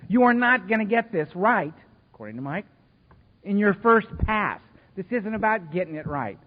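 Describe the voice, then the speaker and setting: A man addresses a recovery meeting, swinging his fairly high voice widely as he tells his story with self-mocking humor. The sound is muffled and lo-fi, and a long hall reverb trails behind every line. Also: lively intonation, normal speed. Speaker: AA meeting speaker. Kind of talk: storytelling talk to a live meeting. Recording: echoey hall, dull lo-fi sound.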